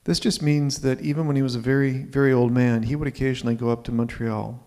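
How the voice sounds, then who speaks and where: A man's voice: mid-range voice, level tone, fast, darkish tone. A man in his fifties telling a personal story live on stage, conversational and checking in with the audience. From Ontario, Canada.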